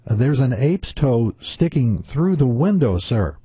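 A man's voice: medium pitch, sing-song, a little slow, warm tone, husky, no echo, full character voice. A radio host voicing a nervous new night security guard phoning his boss, stammering and politely flustered.

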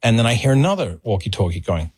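A middle-aged man telling an animated anecdote on a podcast and acting out the voices in his story. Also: lowish voice, quick pace, husky, no room sound.

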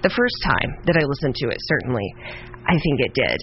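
Woman co-host, animated storyteller, wide swings in her voice, dull lo-fi audio. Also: a bass voice, fairly quick, slight background noise. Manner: animated storyteller, laughs easily. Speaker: podcast co-host. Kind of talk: casual chat.

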